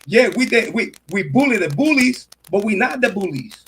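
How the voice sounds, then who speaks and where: A man with a high-pitched voice talks on a casual livestream in a boastful, swaggering way, full of street slang. A faint hiss sits under his voice. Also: very animated, normal speed, fairly bright tone, rough recording. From Puerto Rico. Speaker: true crime and sports commentary host.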